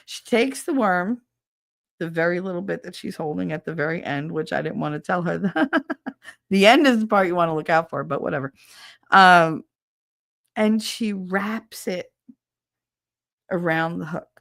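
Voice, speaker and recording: A woman's voice: on the low side, animated, normal speed, creaky, long pauses, no echo, studio quality. A middle-aged woman hosting a stream, telling a funny story in a casual, profane way and mimicking other people with squeals. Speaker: stream host.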